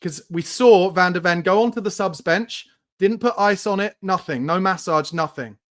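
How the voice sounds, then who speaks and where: At normal speed and in a high-pitched voice, a man runs a live watchalong for fans. His commentary on the match mixes play-by-play with furious, foul-mouthed outbursts about his own team, shouting in bursts.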